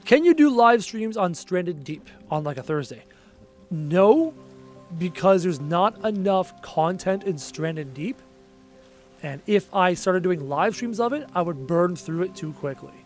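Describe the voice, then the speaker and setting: Streaming games late at night from home, a Canadian man sounds tired yet animated, speaking at a measured pace in a fairly high voice. He chats and rambles, reads viewer comments aloud, and often lets his phrases fade away, while soft music plays quietly beneath.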